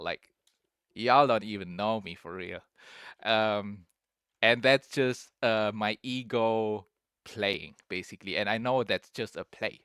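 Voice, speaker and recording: Guy streamer rambling over a clip, low-ish voice but bright and punchy, dry sound. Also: dry recording. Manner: rambling, repeats himself, says "bro" and "like" a lot. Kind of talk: casual reaction commentary.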